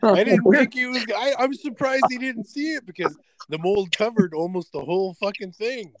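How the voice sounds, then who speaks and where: A man's voice: high voice, moderate pace. A man chatting casually with friends, laid-back and swearing freely. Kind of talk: casual chat. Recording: crowd chatter behind.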